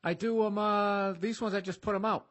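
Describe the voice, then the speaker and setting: A man's voice: high voice, steady tone, moderate pace, crowd noise. A man hosting a podcast in casual banter, eagerly egging on his guest. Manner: eager, egging on, laughing along. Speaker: podcast host.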